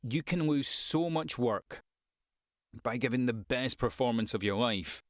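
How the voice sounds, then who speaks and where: A man's voice: mid-range voice, lively intonation, measured pace, no room sound, clean studio sound. A man who works as a voice-over actor and coach, giving frank, conversational advice with wry asides. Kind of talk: advice vlog to the camera.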